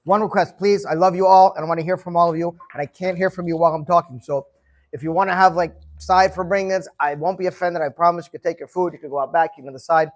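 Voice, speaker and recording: A man's voice: a little high, fairly even intonation, quick pace. A man in his fifties leading an informal gathering, chatty and storytelling, often repeating words as he starts a sentence. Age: 50s. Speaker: farbrengen leader. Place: room with a gathered group.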